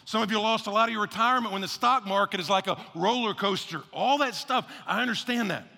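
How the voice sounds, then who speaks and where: A male pastor preaching a casual, energetic sermon, repeating phrases for emphasis. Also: high-pitched, fast talker, vocal fry. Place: church sanctuary. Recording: long reverb of a large church hall.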